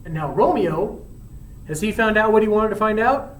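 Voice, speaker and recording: A man casually retelling a classic play in a chatty, slangy, animated way. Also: high-pitched, moderate pace, roomy sound, recorded from a distance, a little hiss or hum, poor audio. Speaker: storyteller.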